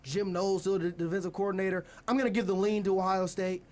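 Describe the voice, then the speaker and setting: High-voiced young man hosting sports radio. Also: fast. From United States. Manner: energetic, leads the segment, stalls and laughs. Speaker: college sports radio host. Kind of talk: casual sports talk.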